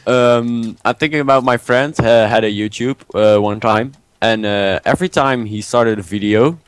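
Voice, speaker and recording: A young Dutch man chatting casually over a game in English, with a Dutch accent, pausing often with uhs. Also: mid-range voice, clean tone, no echo. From Netherlands. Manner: hesitant English with many uhs. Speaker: gaming YouTuber guest. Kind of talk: casual gaming chat.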